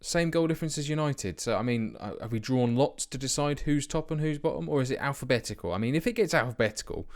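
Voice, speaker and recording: Young male let's-player, middle pitch, rambling and self-mocking commentary with excited spikes. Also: quick pace, few pauses. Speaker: let's play host. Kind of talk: casual game commentary.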